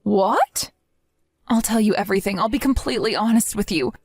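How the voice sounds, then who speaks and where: A woman's voice: medium pitch, a little fast, a little mellow, dry recording, clean studio sound, close to an everyday voice. A woman voicing an exhausted young mother in an acted story, pleading and apologetic. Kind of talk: scripted story acting.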